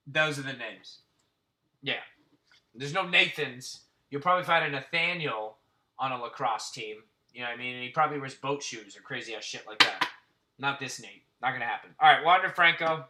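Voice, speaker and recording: A man's voice: mid-range voice, bright, forceful tone. A man around forty hosting a card break, casually naming baseball cards and telling rambling, profane stories. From Central Florida. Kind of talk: casual card-opening chat.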